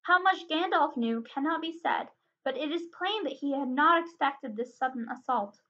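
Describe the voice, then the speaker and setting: Bright-voiced woman reading a storybook aloud. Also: high-pitched, normal speed. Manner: expressive, dramatic reading. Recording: dull lo-fi recording.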